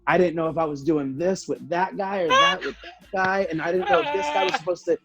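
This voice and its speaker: A young man, a professional wrestler telling stories in a casual interview, animated and full of fillers. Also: a little high, a little fast. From Puerto Rico. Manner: animated, acts out voices, many fillers. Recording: dull slightly lo-fi sound, faint music.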